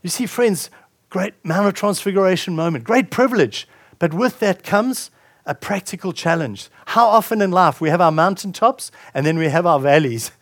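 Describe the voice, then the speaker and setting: A man's voice: sits high, animated, moderate pace. A male pastor preaching a sermon, reading scripture aloud and commenting on it with frequent restarts.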